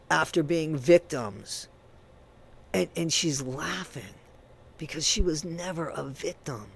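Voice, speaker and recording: A man rants through true crime commentary, indignant and emphatic, his delivery swinging between loud bursts and low muttering.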